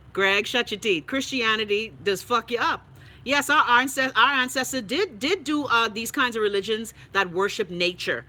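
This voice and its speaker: A Bahamian woman hosting a livestream, chatting casually and reading viewer comments in a blunt, profane, animated way. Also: fairly high pitch, rough recording. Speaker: livestream host.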